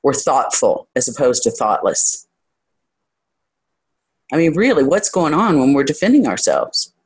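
Speaking to a group, a spiritual teacher is reflective and unhurried, with a husky, medium-pitched voice that swings widely in pitch. The delivery is hesitant and searching, often pausing to gather thoughts and find the next words. It feels candid and self-examining, with a bit of self-directed humor.

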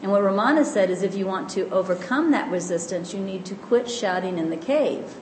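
A woman giving a calm, gentle spiritual teaching, explaining and slowing down to stress key lines. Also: medium pitch. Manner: calm, gentle and explanatory, often slows for emphasis. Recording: echoey room with faint background noise.

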